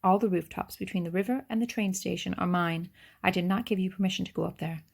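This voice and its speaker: A woman's voice: on the low side, steady tone, quick pace, creaky, breathy edge. A woman voicing a wary, cold boy who speaks curtly and matter-of-factly. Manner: curt, matter-of-fact.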